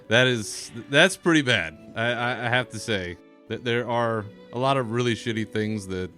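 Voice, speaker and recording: A man's voice: medium pitch, takes it slowly, long pauses, fairly bright tone, faint music behind. A man hosting a podcast, joking and teasing his co-host in casual banter. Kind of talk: casual chat.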